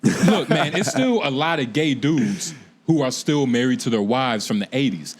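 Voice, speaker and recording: A man's voice: mid-range voice, moderate pace. A man hosting a podcast, chatting casually and rambling through his points with many restarts. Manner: rambling, restarts thoughts, animated storyteller. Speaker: podcast host. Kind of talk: casual chat.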